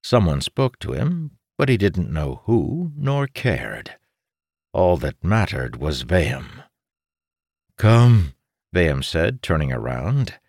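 A man narrating a fantasy audiobook in a measured, dramatic manner on a close studio mic. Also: low-pitched, big pitch swings, creaky, darkish tone, dry recording.

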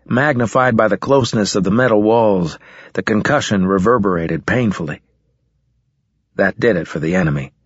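Man, audiobook narration, first person, measured, low husky voice, slightly dull lo-fi sound. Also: no room sound.

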